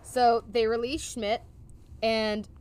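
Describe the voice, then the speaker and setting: Speaking slowly in a smooth, fairly high voice, a woman co-hosts a casual podcast and tells a story. She animates it by acting out quotes, laughing along the way.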